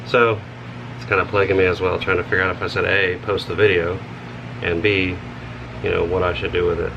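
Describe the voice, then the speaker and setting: Homesteader, deep gravelly voice, rambling frank vlog talk, music underneath. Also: male voice, little pitch movement, a little fast, muffled recording, background noise. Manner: rambling, frank, thinking out loud. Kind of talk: casual vlog talk to camera.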